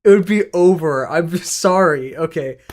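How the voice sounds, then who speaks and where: Casual, excited talk with viewers fills this stream, delivered in a measured, mid-range voice. The streamer swears freely, laughs often and reacts to the chat as it comes in.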